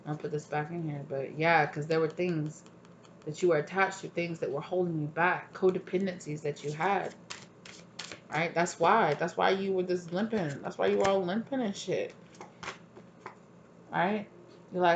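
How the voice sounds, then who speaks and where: A woman's voice: fairly low pitch, steady tone, normal speed, highs cut off, slight background noise. A tired woman giving a casual, chatty tarot reading, often checking in with "right?". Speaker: tarot reader.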